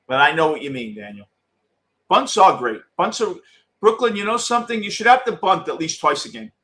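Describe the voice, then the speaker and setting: Host type: middle-aged New man, slightly higher voice, blunt and excitable live game chatter, swears freely. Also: brisk. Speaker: postgame show host. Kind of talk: casual live game commentary with viewers.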